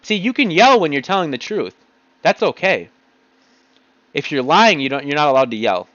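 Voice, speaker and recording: Blunt, agitated male ranter with a slightly high voice, recorded dull and dry at his computer. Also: big pitch swings, moderate pace, fairly bright tone, dry recording. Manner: blunt, agitated, heavy swearing. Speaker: vlogger. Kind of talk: ranting monologue. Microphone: home computer mic.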